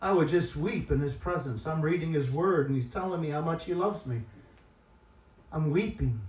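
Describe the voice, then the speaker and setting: A man preaching a sermon as a guest speaker in church, moving between soft, tearful-toned confession and loud, emphatic exhortation. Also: a little high, moderate pace. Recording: echoey church hall, distant mic.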